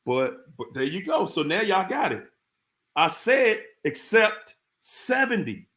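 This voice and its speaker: A man's voice: high-pitched, sing-song, unhurried, a bit bright. A man hosting a casual live stream, talking straight to his viewers in informal slang and repeating his points for emphasis. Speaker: live-stream host talking about narcissists.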